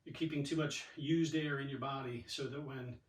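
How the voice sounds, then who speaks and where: A man leads a yoga and exercise class, chatty and encouraging as he talks through each cue. His voice is medium-pitched and steady at a normal speed, recorded in an echoey room with the mic at a distance.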